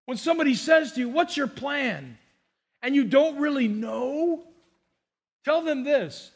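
A man's voice: very high-pitched, lively intonation, normal speed. A man from Southern California preaching as a pastor, earnest and emphatic, acting out quotes as he goes. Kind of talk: sermon.

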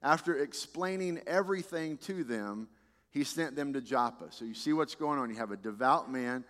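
A man preaching a sermon as a pastor, talking in a conversational, animated way with frequent restarts. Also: medium pitch, moderate pace, big-room sound.

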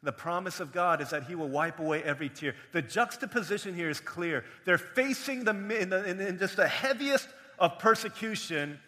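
Bright-voiced preacher in a reverberant hall. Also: male voice, sits high, lively intonation, moderate pace, few pauses. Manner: swings from raised, emphatic preaching to quiet storytelling. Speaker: pastor. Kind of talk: sermon. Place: church sanctuary.

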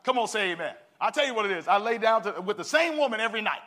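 High, bright-voiced preaching man. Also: racing. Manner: animated, call-and-response preaching. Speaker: pastor. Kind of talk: sermon.

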